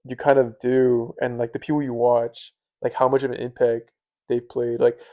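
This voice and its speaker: A man's voice: mid-range voice, little pitch movement, normal speed, dark tone, highs cut off. A young man in his twenties co-hosting a casual podcast, rambling with fillers and swearing. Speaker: podcast co-host. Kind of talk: casual chat.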